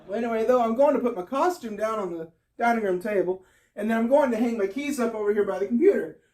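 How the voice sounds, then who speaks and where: A man telling a comic story on stage, animated and breaking into high yelps and laughter. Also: quick pace, distant mic. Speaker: stand-up comedian. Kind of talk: storytelling stand-up.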